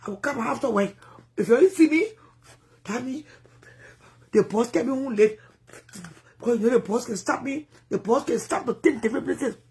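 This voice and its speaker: A woman with a Liberian accent giving animated, rambling commentary in a casual vlog. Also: a little high. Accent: Liberian English. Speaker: vlogger.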